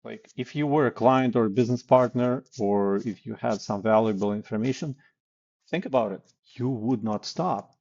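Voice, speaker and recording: Here the sales coach speaks at medium pitch and normal speed, his darkish voice creaky over lo-fi sound. He stays blunt and casual, filling the instruction with fillers and performed example lines.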